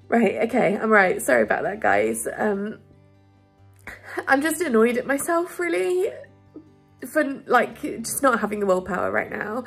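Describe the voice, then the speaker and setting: A woman talks casually to her camera in a husky, slightly breathy voice. She rambles with plenty of fillers and breaks into nervous laughter, sounding close to tears at times. Faint music plays quietly behind her. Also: on the high side, very animated, a little slow. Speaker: vlogger.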